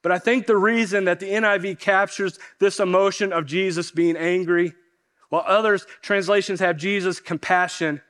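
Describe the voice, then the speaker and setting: A male pastor preaching a sermon in an earnest way, often dropping softer at the end of a point and repeating phrases for emphasis. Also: high-pitched, fairly even intonation, normal speed, smooth.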